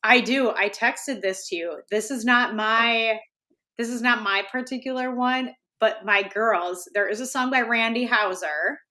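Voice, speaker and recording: A middle-aged woman, co-hosting a casual livestream chat and telling family stories with lively laughter. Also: a little high, unhurried. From Wisconsin. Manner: storytelling, animated, laughs at her own stories. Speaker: co-host.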